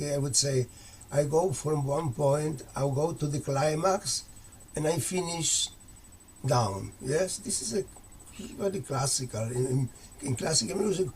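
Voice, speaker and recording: A man's voice: a little high, a little mellow, slightly rough. A man responding in an academic panel discussion, explaining with rising phrases.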